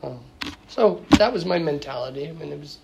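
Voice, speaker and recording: A man who is a priest talking in an interview conversation, halting and full of fillers and restarts. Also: on the high side, expressive, creaky, lo-fi sound. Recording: noticeable background noise.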